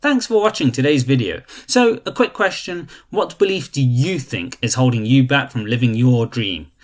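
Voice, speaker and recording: A man's voice: medium pitch, animated, moderate pace. A man hosting the channel, reading a scripted outro straight to the viewers in an upbeat way. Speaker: channel host.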